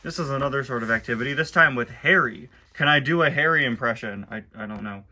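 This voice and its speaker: A man's voice: medium pitch, quick pace, bright, forceful tone. A man casually commenting on a children's book and reading bits aloud, chatty and wry with frequent asides. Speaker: host reviewing a children's book.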